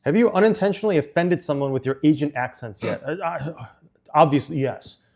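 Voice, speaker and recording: A man's voice: on the high side, fairly quick, darkish tone. Chatty streamer man, rambling. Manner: rambling, with frequent fillers and laughs. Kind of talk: casual chat while building a model set.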